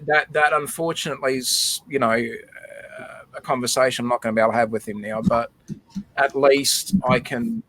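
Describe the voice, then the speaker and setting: A man's voice: medium pitch, fairly even intonation, normal speed, fairly bright tone, slight background noise. A man hosting a livestream, telling a personal memory in casual chat and often repeating words. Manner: emotional storytelling, repeats words. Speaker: livestream host.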